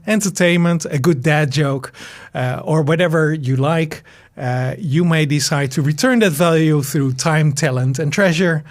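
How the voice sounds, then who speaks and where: A man with a Dutch accent co-hosting a podcast in casual chat, talking with frequent fillers and restarts. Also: a little high. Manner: chatty, many fillers and restarts. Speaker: podcast co-host.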